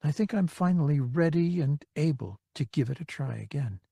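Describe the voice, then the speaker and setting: A man voicing a hopeful young woman in a recorded message, speaking gently and hesitantly in an audiobook. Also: on the high side, expressive, moderate pace, vocal fry, breathy edge, no echo, studio quality, heavily acted. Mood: hopeful, tentative. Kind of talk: audiobook character reading.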